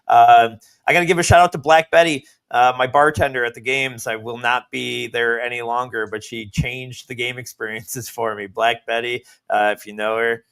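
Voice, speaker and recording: A man hosting a casual podcast, talking in a relaxed, rambling way with lots of fillers. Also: mid-range voice, normal speed, hardly any pauses, smooth. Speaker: podcast host. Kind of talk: casual chat. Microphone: remote podcast mic.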